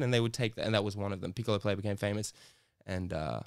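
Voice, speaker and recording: Male podcast host, swearing and animated, telling jokes on a call. Smooth, clear voice. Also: lowish voice, racing, no echo, clean studio sound. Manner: profane, animated, laughing often. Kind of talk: casual chat, joke telling. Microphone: video call.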